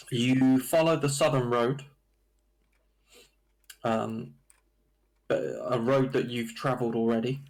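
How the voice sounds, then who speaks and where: A man, narrating a tabletop game as dungeon master in an easygoing, halting way with many fillers. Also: medium pitch, creaky.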